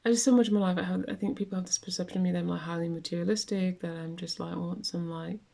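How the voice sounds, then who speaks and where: A woman's voice: lowish voice, fairly even intonation, racing, gravelly, dark tone. A young woman venting in a casual vlog rant, rambling with many fillers and restarts. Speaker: vlogger.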